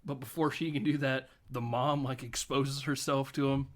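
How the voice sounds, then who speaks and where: A man's voice: mid-range voice, flat delivery, moderate pace. Laughing man recapping a movie. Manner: loose and profane, laughs often, acts out quotes. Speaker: podcast host. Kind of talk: casual film recap chat.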